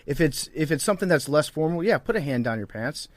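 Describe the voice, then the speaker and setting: A man's voice: on the high side, expressive, fast talker, no echo. A man co-hosting a sports podcast, telling wry stories and trading banter. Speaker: podcast co-host. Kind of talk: casual sports podcast chat.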